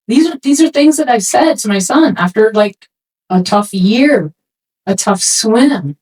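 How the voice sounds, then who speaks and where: Husky-voiced woman speaking to parents. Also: on the high side, a little slow, rough recording. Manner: conversational, animated, acts out quoted remarks. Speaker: swimming technical director speaking to parents. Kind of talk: talk to a parents' session. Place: room with an audience of parents.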